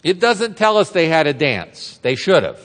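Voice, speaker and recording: High-voiced pastor preaching in a reverberant hall. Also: male voice, very animated, normal speed, a bit bright. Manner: conversational, asks the congregation rhetorical questions. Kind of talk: expository sermon.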